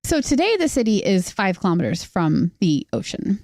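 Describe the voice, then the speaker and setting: A woman's voice: mid-range voice, sing-song, moderate pace, darkish tone, dry recording, clean studio sound. Chatty, laughing woman podcast co-host. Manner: chatty, laughs often, says "like" and "totally". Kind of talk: casual podcast chat. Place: RV parked near the sea.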